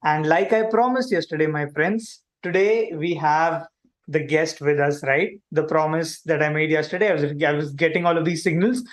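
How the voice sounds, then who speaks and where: Man as cheerful alien livestream host, a bit high-voiced, chatty with the audience. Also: normal speed, lightly acted. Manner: animated, chatty, addresses viewers directly. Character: friendly male alien visitor hosting a kids' stream. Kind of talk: playful kids' livestream hosting.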